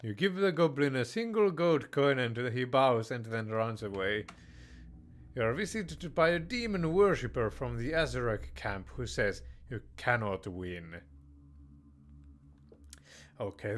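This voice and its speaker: The game player here reads a text strategy game aloud at a moderate pace, his mid-range voice animated. His commentary is tentative, packed with fillers and restarts, and peppered with mock-tyrant verdicts made in jest.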